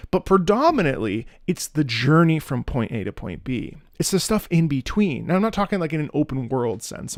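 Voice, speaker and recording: A man gives lively, animated music commentary with a gravelly edge to his voice. He keeps breaking into scatted melodies and restarting his sentences. Faint game music plays under a dry, close sound. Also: on the high side, no room sound. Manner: animated, scats melodies between remarks; talks in rambling restarts. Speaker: music reaction streamer.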